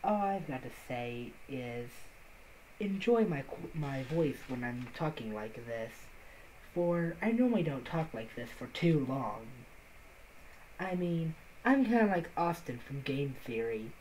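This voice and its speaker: Low, quiet monotone woman streamer. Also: a little hiss or hum, poor audio. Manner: deliberately quiet, monotone "podcast voice". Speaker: streamer making game music. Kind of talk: casual live-stream chat. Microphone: close to the microphone. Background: her own music track playing softly.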